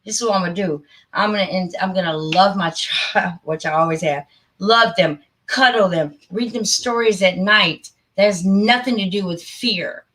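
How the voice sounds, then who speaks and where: A woman's voice: medium pitch, normal speed, fairly bright tone. A middle-aged woman hosting a casual live stream, talking in a heartfelt, rambling and emphatic way. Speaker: channel host.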